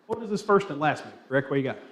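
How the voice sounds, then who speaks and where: A man's voice: a little high, lively intonation, quick pace, slight background noise. A man leading a church Bible class, asking the group questions and telling anecdotes with light humor. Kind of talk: interactive Bible class teaching.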